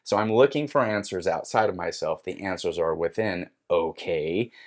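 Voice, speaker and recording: A man guest on a podcast, telling a personal story in a casual, animated way and acting out his own lines. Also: sits low, normal speed.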